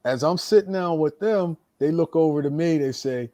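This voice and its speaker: A man's voice: a little high, moderate pace, few pauses, dry recording. A man, a veteran wrestler, telling stories casually on a podcast and acting out the quotes. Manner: animated storyteller, acts out quotes. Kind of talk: casual storytelling chat.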